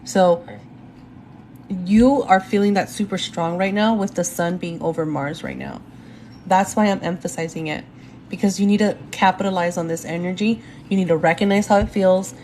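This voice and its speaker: A woman's voice: fairly low pitch, fairly even intonation, moderate pace, a little mellow, slight background noise. A young woman doing a live astrology reading from home on her phone, chatty and addressing viewers directly, often going off on tangents. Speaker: astrology reader. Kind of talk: live-stream reading, casual chat.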